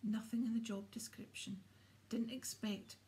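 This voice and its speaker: A woman voicing a vain, smooth-talking male wizard teacher in a storybook reading, pompous and condescending. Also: a little high, fairly even intonation, a little slow, mellow, in a whisper, natural voice. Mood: smug.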